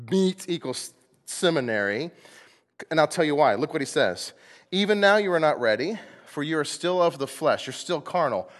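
Male pastor, slightly high voice, lively and playful delivery, sermon in a church with long hall reverb. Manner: animated, playful, acts out voices. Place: church sanctuary.

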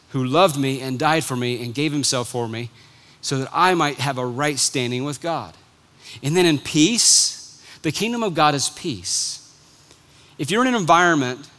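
Guy preaching, pretty high voice, drags out big words then goes quiet. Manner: emphatic, drawn-out phrases with sudden soft drops. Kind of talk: sermon.

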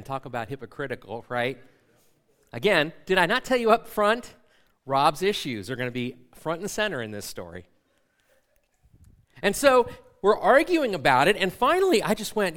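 A male pastor in his forties tells a funny personal story from the pulpit and pokes fun at himself as he acts out every line of dialogue. His voice sits a little high for a man and swings widely up and down. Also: moderate pace. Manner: animated storyteller, self-mocking, acts out dialogue.

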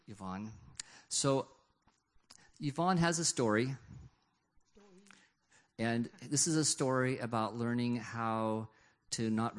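Man, pastor, sermon, reflective conversational delivery, lowish voice.

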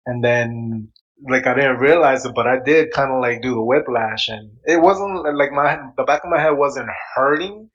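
A man chatting casually, telling a story animatedly and swearing freely. His voice sits at a middling pitch. The recording sounds slightly dull and lo-fi. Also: moderate pace, a bit bright.

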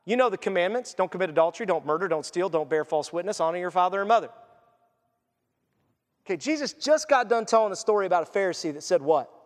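A man preaching a sermon as pastor, animated, acting out voices and joking along the way. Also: high-pitched, fast talker, big-room sound. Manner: animated, acts out voices and jokes.

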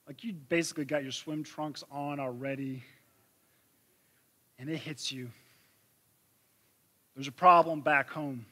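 A male pastor with a high, bright voice delivers a sermon. He talks in a conversational way, builds vivid scenes for his listeners, and checks in with questions like "right?" and "okay?". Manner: conversational preaching with vivid illustrations and rhetorical questions.

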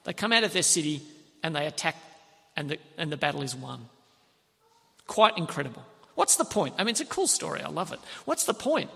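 A man preaches in a lively, animated storytelling style and briefly acts out the characters' lines. His voice sits high and bright. The sound rings with the long reverb of a large hall. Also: gravelly. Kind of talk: sermon.

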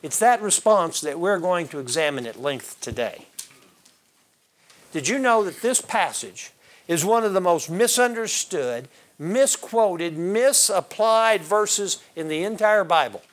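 A man's voice: high-pitched, lively intonation, a little slow. A man teaching a Bible class, quizzing his listeners and calling on them by name. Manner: questions the class and calls on members by name.

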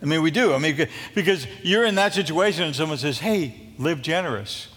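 A man preaching a sermon as a pastor, telling a Bible story in a lively, joking way and acting out what the characters say. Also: a little high, fast talker, long reverb tail. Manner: animated, jokey storytelling that acts out scripture quotes.

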